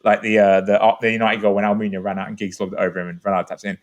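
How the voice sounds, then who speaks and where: Man, podcast panelist, fast-paced, enthusiastic, rambling, casual chat. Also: fairly low pitch, little pitch movement.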